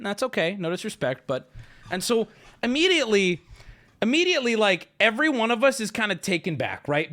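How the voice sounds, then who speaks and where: A man in his thirties, a streamer casually telling a story to his live chat, swearing and joking as he goes. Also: high voice. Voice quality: animated, swearing, jokey.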